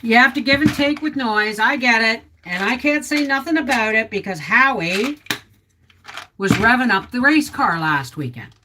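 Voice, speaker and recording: A woman's voice: on the high side, lively intonation, moderate pace, noisy background. A middle-aged woman hosting a casual homestead livestream from home, chatting and reading viewer comments aloud. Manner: chatty, reads viewer comments aloud, baby talk to her dog. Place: home indoors. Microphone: desktop mic.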